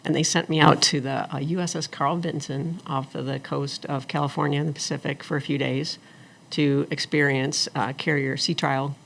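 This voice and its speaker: A middle-aged woman telling her story as an interview guest, animated and acting out the people she quotes. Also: sits low, normal speed, creaky, slight background noise. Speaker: guest, attorney and former engineer.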